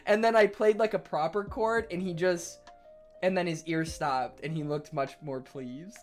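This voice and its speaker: A man's voice: fairly high pitch, moderate pace. A male streamer chatting casually and rambling while reading chat, swearing offhandedly and laughing easily. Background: faint piano playing.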